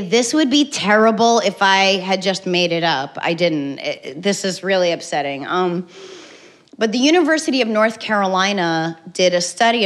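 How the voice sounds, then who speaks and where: A middle-aged woman doing a stand-up comedy set on stage, telling a story deadpan with sudden loud acted bursts. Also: mid-range voice. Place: stage before a live audience.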